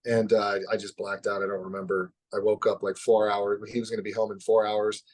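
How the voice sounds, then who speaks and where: A man as a podcast guest, telling a personal story in an open, reflective way that drops soft at the heavy parts. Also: fairly low pitch, level tone, fairly quick. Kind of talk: candid conversational storytelling.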